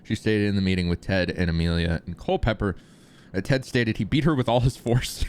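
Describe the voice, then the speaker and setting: A man's voice: fairly low pitch, brisk, a little mellow, slight background noise. A man streaming a police roleplay, chatting casually, laughing often and swearing. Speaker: streamer playing a police chief.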